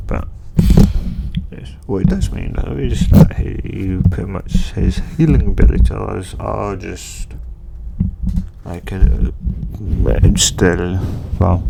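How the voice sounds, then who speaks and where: A man's voice: low voice, vocal fry, heavy background noise. A man rambling casually about a fan theory, hesitant and full of restarts. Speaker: fan video creator.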